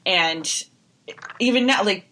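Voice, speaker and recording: Bright-voiced animated woman storyteller. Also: medium pitch, takes it slowly, slight background noise. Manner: animated storyteller, acts out quoted parents. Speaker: podcast co-host, breastfeeding counselor. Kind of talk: casual chat.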